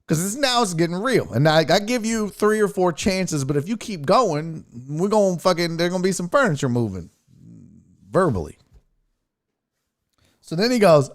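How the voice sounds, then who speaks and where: Lively, animated male podcast host. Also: high-pitched, normal speed. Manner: animated, swings between muttering and near-shouting. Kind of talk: casual storytelling, profane.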